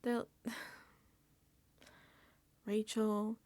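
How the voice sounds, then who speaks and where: A woman's voice: medium pitch, level tone, extremely slow, a little mellow, dry recording. A woman recapping a reality TV episode in a casual reaction vlog, sarcastic and exasperated, swearing freely.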